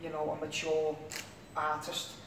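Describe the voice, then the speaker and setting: A young Liverpool-accented singer chats casually as an interview guest, rambling and saying "you know what I mean" constantly. His slightly high voice is monotone and measured, recorded at a distance in an echoey room with faint noise.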